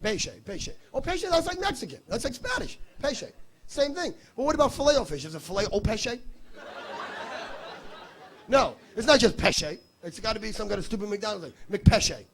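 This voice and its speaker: A man's voice: sits high, big pitch swings, normal speed. A male stand-up comedian doing crowd work on stage, brash and teasing, with profanity. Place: comedy stage before a live audience.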